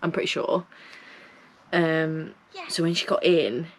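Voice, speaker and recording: A woman's voice: sits low, slow pace, slight background noise. A woman narrating her own vlog in a chatty, rambling way, with many fillers and self-corrections. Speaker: vlogger. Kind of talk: casual voice-over commentary.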